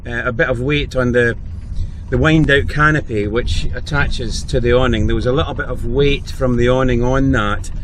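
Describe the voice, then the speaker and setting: A man's voice: medium pitch, fairly even intonation, normal speed, slight background noise. A middle-aged man hosting a travel vlog, easygoing and a little hesitant, over faint music. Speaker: vlog host.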